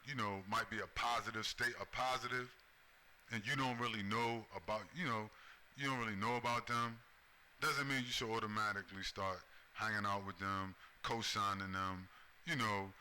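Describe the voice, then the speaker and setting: A man's voice: lowish voice, bright, forceful tone, slight background noise. A man giving a profane video commentary, often tagging his points with "right?". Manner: profane, repeats "right?" as a tag. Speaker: commentary host.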